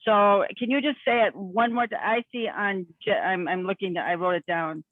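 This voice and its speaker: A woman host speaks over a tinny, dry, phone-like line, thanking her guest effusively and stumbling through halting restarts. Her voice is mid-pitched. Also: no room sound. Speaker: interview host. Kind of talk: community access interview.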